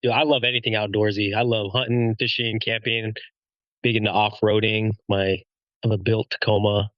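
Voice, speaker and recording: Easygoing man with a lowish voice. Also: level tone, normal speed, no echo, muffled recording. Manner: easygoing, eager, joking. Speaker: guest, father. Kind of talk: casual podcast chat.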